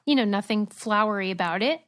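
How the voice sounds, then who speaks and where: A woman's voice: mid-range voice, lively intonation, brisk, fairly bright tone. A woman co-hosting a podcast, telling candid personal stories in casual chat. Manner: candid storyteller. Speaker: podcast co-host.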